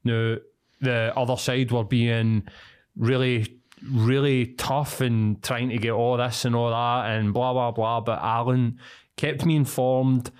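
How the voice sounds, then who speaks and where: A man's voice: mid-range voice, fairly even intonation, takes it slowly, clear, resonant tone. Chatty Scottish man reading an ad. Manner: chatty, laughing easily, loose ad-libbed ad read. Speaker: podcast co-host. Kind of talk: casual chat and read sponsor ad.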